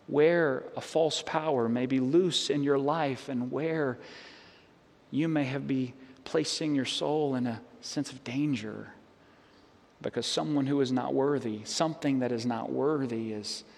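A man's voice: medium pitch, gravelly. A man preaching a sermon as pastor, earnest and conversational, with rhetorical questions and frequent restarts. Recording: long hall reverb.

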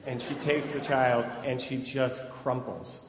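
A man telling a personal story to an audience, lively and laughing often as he piles on vivid detail. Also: medium pitch, takes it slowly, noisy background. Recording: echoey hall playback with faint ambience.

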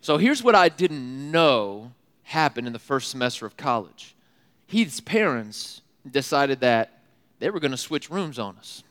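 A young man giving a sermon as a youth speaker, telling funny stories in an animated, laughing way with casual slang. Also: mid-range voice, a little slow. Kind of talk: storytelling sermon. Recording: long hall reverb.

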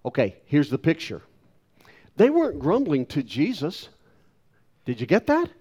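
A man's voice: fairly high pitch, huge pitch swings, unhurried, a little mellow, breathy edge. A male pastor giving a sermon, talking emphatically and putting rhetorical questions to the congregation.

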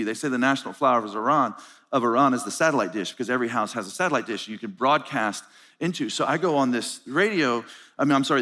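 A man preaches to a conference crowd in a big reverberant hall. His voice sits on the higher side, and he tells his stories with lots of energy, acting out the other people's lines as he goes. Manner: animated storytelling, acts out dialogue. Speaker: pastor. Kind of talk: conference sermon. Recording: live hall with long reverb.

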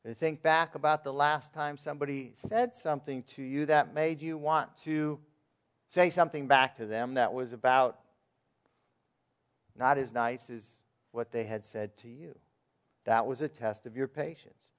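A man's voice: medium pitch, fairly even intonation, measured pace, smooth. Man preaching in a conversational way. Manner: conversational preaching with rhetorical questions. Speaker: pastor. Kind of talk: sermon.

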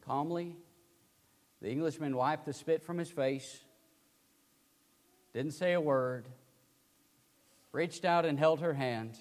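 A man preaching a sermon as dramatic storytelling, swinging from loud to hushed, with a long hall reverb. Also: a little high.

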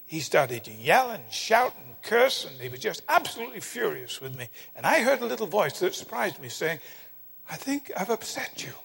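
An older man preaching, telling a personal story in an earnest sermon style that sinks to a hushed tone at tense moments. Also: sits high, big pitch swings, fairly quick, vocal fry, few pauses, breathy edge. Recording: long hall reverb.

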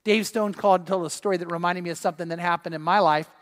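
Brief: male pastor, sermon delivery, higher voice, storyteller who acts out quotes, big echoing hall. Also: fairly even intonation, very fast.

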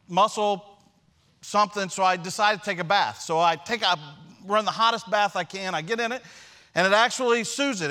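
This middle-aged pastor, voice pitched high, shares a personal anecdote from the pulpit with lively humor at his own expense.

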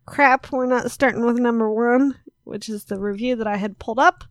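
A woman's voice: a little high, normal speed, no echo, clean studio sound. A woman co-hosting a casual podcast, rambling and teasing her co-host as she corrects herself mid-sentence. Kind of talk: casual chat.

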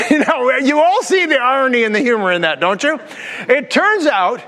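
A man preaching a sermon as pastor, animated and joking, asking the crowd many rhetorical questions. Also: very high voice, normal speed, in a large hall.

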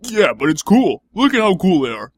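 Teasing young man, slightly high voice. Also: big pitch swings, moderate pace, husky. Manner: teasing, playfully mocking. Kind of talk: improvised comedy banter.

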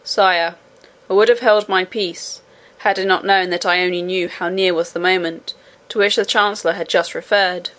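A woman reading aloud and voicing a male goblin subject who speaks low and earnestly to his king. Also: fairly even intonation, normal speed, few pauses, a bit bright, natural voice. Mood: urgent.

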